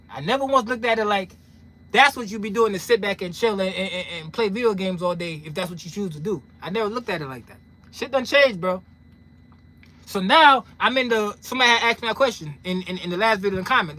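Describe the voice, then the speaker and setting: A man's voice: sits high, sharp tone. A man, a trucking content creator talking straight to his viewers in a casual monologue, emphatic and full of street slang, repeating lines for punch. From New York.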